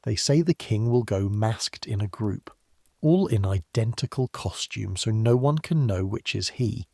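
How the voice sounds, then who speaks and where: A man narrator voicing an excitable young male kitchen servant who talks with his mouth full, eager and bursting with news. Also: on the low side, unhurried, creaky, no room sound, studio quality, exaggerated voice. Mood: excited gossip.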